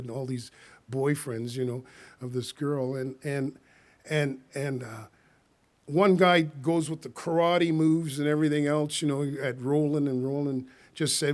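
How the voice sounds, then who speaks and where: A man's voice: a little high, animated, normal speed. A man telling a rambling personal story to a live audience, laughing often and acting out the quotes.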